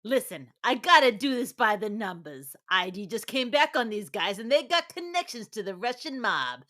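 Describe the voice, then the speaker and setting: A woman's voice: on the high side, big pitch swings, moderate pace, bright, forceful tone. A woman co-hosting a casual movie-review podcast, speaking in a teasing, wry way. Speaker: podcast co-host.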